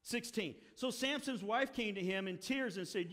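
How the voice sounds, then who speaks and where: A male pastor preaching a sermon and telling the story with animated energy, acting out the characters' lines. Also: high-pitched, normal speed, few pauses. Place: church sanctuary. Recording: long hall reverb.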